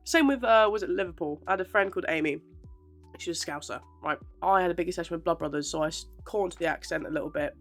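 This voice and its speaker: A young woman talks casually to camera, chatty and self-deprecating. Her voice sits a little low, and faint music plays behind her. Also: lively intonation, a little fast, fairly bright tone. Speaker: aspiring actress vlogger.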